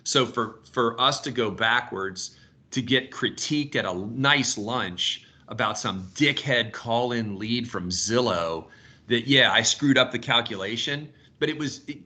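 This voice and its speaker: Animated bright-voiced man in his fifties. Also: mid-range voice, measured pace. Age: 50s. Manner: animated, storytelling, swears casually. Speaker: sales coach leading a team call. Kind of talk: casual group video call.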